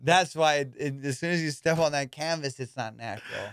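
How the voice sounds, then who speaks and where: A man hosting a comedy podcast, telling a story in a profane, animated way and acting out the quotes. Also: fairly high pitch, brisk, smooth. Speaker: podcast host.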